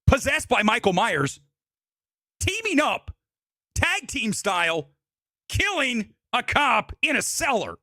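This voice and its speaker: A man's voice: very high voice, very animated, takes it slowly, long pauses, bright, forceful tone, no room sound, studio quality. A man hosting a live movie show, delivering an angry, profanity-laced rant at a producer. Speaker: movie podcast host. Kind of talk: live-streamed film rant.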